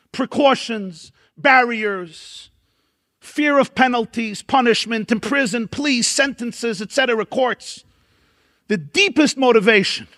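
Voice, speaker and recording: A rabbi with a Brooklyn accent delivers a keynote lecture at an event hall. His voice sits high for a man, and he speaks in dramatic oratory, building emphatic repeated lists. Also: a bit bright. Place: large event hall at a dinner.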